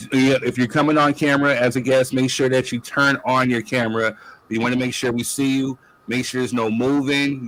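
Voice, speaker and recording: A man's voice: medium pitch, a bit bright, low-quality recording. A man hosting a casual talk show, speaking loosely and filling his lines with "you know what I'm saying.". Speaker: podcast host. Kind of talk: casual chat.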